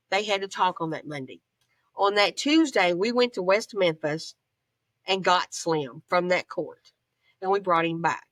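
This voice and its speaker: A woman's voice: on the low side, fairly bright tone, dry recording. A middle-aged woman, a bereaved mother recounting events plainly and emotionally as an interview guest, often quoting what people said. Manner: plain-spoken, storytelling with reported speech. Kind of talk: emotional personal account.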